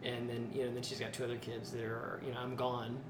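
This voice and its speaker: A man's voice: medium pitch, monotone, fast. A man hosting a podcast, chatting in a reflective, conversational way. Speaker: podcast host. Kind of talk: casual interview chat. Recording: echoey noisy room.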